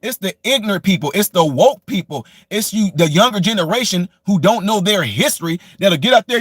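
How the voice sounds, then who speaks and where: A man's voice: high-pitched, lively intonation, a little fast, hardly any pauses, fairly bright tone, breathy edge, no room sound, clean studio sound. A man delivering a combative, mocking political rant as a commentary vlogger from the United States, repeating his points with scorn. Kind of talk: ranting opinion monologue.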